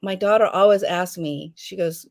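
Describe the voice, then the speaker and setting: A woman's voice: on the low side, normal speed, creaky, darkish tone. A middle-aged woman chatting in a live interview, telling stories, acting out what people said and laughing often. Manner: chatty storyteller, acts out quotes, laughs often. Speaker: guest, home jam maker. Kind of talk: casual live interview chat.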